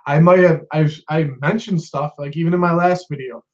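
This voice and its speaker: A man's voice: fairly high pitch, fairly even intonation, brisk. Agitated, swearing man ranting on a dull lo-fi recording. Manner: agitated, swearing, repeats himself. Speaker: sports fan vlogger. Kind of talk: upset sports rant.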